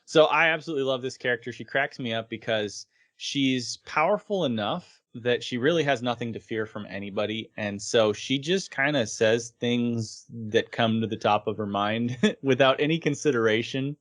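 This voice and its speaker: A man in casual podcast chat, retelling anime scenes with frequent chuckles. His voice sits at a middle pitch, easygoing and animated as he quotes the characters. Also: normal speed, hardly any pauses. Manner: animated storytelling, acts out scenes and laughs often. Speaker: podcast co-host.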